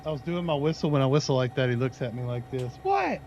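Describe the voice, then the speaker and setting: A man chats casually with his stream viewers, telling a long rambling story and talking to his dog in between. His mid-range voice is fast, and the audio is dull with background noise.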